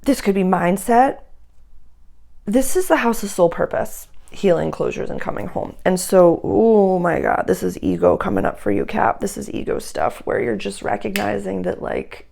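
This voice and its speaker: A woman's voice: mid-range voice, normal speed, vocal fry, dark tone. A woman giving a casual astrology reading, talking straight to her listeners in a chatty, earnest way full of fillers and restarts.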